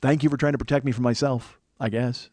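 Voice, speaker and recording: A man's voice: mid-range voice, fairly even intonation, quick pace, a little mellow, dry recording. An American man in his forties hosting a comedy podcast, rambling through a profane, self-mocking solo monologue. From United States. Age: 40s. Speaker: podcast host.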